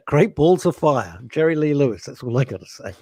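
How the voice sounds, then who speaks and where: A talkative man co-hosts a radio chat show and laughs often as he tells his stories. His voice is slightly husky and his pitch swings up and down a lot. The studio sound is dry and close. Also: very animated, moderate pace, darkish tone, dry recording. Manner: laughing, chatty storyteller.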